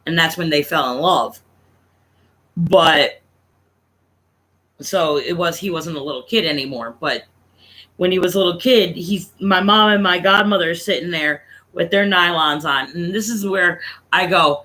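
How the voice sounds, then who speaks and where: A man's voice: a little high, a little slow, sharp tone, low-quality recording. A man in his thirties, telling a casual, profane family story to his stream audience. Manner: profane, laughing anecdote-teller.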